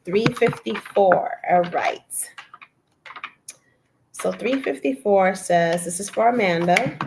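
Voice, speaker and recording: A woman hosting a live stream, reading affirmations aloud slowly and softly and adding encouraging asides to viewers, with a lilt. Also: medium pitch, vocal fry, noisy background. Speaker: livestream host reading affirmations. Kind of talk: casual live stream chat.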